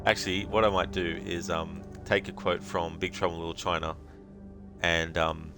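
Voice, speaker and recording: A man's voice: sits low, level tone, normal speed, over music. An Australian man streaming a game, chatting casually with viewers in a rambling way. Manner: rambling, full of fillers.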